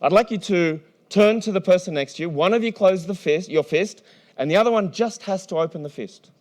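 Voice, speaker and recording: Energetic male conference moderator. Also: sits high, a little fast. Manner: energetic, playful, with frequent restarts. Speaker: panel moderator. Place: large conference hall.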